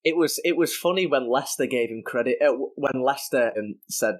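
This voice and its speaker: A man's voice: mid-range voice, a little fast. A man with a British accent talks as a podcast guest. His speech is loose and conversational, full of fillers as he chats. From Britain. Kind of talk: casual chat.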